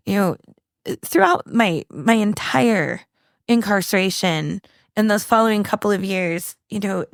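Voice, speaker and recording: Speaking into a close podcast mic, a woman guest earnestly and candidly recounts her past, often stopping, restarting, and using fillers as she hunts for words. Her mid-range voice has a light gravelly edge, and the audio is dry with no room sound.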